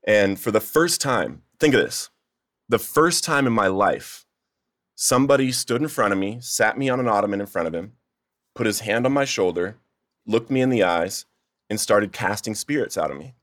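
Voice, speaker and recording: A man's voice: fairly low pitch, animated, moderate pace, no echo, studio quality. A young man telling his recovery testimony in an earnest, emotional way. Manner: earnest, emotional storytelling, rising to near-shouting in retold pleas. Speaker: testimony speaker.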